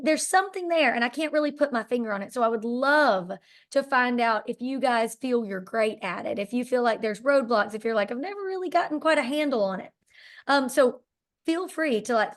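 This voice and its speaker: A woman leading a team training call, chatty and eager, with plenty of fillers and asides. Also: fairly high pitch. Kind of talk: casual training talk.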